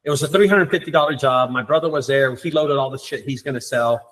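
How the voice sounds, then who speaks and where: A man hosting a group meeting, talking in an excited, rambling way with many fillers. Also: medium pitch, fast. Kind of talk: casual group meeting talk.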